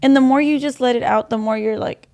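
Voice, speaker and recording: Young woman co-host, fairly high voice, earnest faith-centered chat, animated. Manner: earnest, animated, quick bursts and soft drops. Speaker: podcast co-host. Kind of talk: casual faith-based chat.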